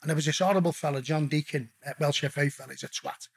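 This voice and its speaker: A man's voice: on the high side, fast talker, gravelly, slightly rough. A man, a guest, telling a story casually and animatedly, swearing heavily as he goes. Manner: heavy swearing, animated retelling.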